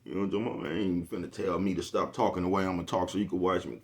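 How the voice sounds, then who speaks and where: A man's voice: deep voice, steady tone, very fast, darkish tone. A young man rambling in a casual vlog monologue, laughing often and swearing heavily. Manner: laughs often, crude slang, keeps asking "you know what I'm talking about". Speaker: vlogger.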